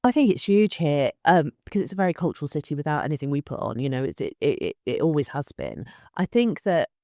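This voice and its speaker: A woman director of culture being interviewed, talking in a lively way and often repeating words as she restarts her sentences. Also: deep voice, no echo, studio quality. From England. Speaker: city culture director, guest. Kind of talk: conversational interview.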